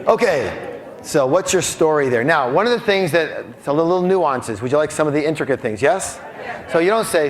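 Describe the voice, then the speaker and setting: A middle-aged man teaching a live seminar, animated and constantly quizzing his audience. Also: a little high, brisk. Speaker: seminar speaker.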